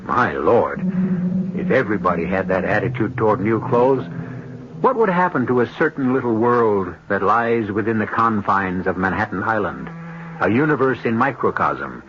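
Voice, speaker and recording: A man's voice: fairly low pitch, animated, slight background noise. Older man hosting a radio mystery show. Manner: measured, wry, dramatic pauses. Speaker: radio drama host. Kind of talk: scripted narration. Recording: dull lo-fi old radio broadcast with music.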